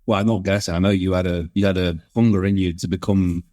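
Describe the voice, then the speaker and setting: A male interviewer with a fairly low voice asks long, meandering questions, often restarting mid-sentence. The recording is dry and close, with no room sound. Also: fairly even intonation, quick pace, mellow, no echo. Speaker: podcast interviewer.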